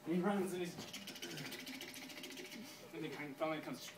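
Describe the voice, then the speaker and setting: A man casually pitching a story to a group, laughing often and restarting his sentences. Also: noisy background. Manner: giggly, keeps breaking into laughs; halting, many restarts. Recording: echoey room, far from mic, crowd around.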